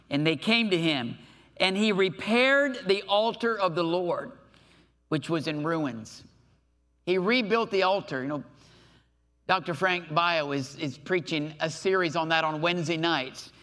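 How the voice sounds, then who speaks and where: A man preaching a sermon to his church, reading scripture aloud and breaking off with lively asides. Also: on the high side. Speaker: pastor.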